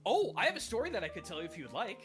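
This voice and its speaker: A man with a somewhat high voice tells a story at a measured pace, with dry humor. Music is clearly heard behind him. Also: wildly swooping pitch. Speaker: guest. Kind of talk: casual chat, storytelling.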